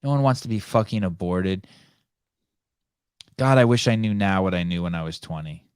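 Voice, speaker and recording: A man hosting a live call-in podcast, talking in a rambling, halting way with many restarts. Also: sits low, a little mellow, clean tone, dry recording, studio quality. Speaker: podcast host.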